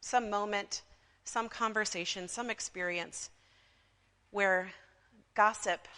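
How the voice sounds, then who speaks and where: Casting: woman pastor, chatty storytelling sermon, bright and sharp, long reverb of a church hall. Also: mid-range voice, fairly even intonation, slow pace, clear, resonant tone. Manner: conversational, with frequent asides to the congregation. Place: church sanctuary.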